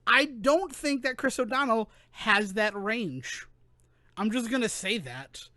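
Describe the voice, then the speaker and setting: A man co-hosting a podcast, chatting casually in an animated, rambling way that keeps interrupting itself. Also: very high voice, slow, dry recording. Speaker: podcast co-host. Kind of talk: casual chat.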